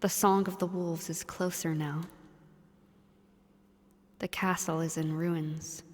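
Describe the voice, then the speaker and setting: Woman narrating a story game in a long-reverb room, lowish voice, measured and even. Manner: even, measured reading, slipping into quick casual chat. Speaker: let's play co-host narrating the game text. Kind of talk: reading game narration aloud with casual asides.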